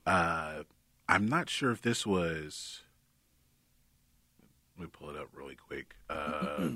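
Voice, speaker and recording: A man co-hosting a podcast in casual chat, halting and often laughing. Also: low voice, big pitch swings, vocal fry, pushed and bright, dry recording. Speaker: podcast co-host.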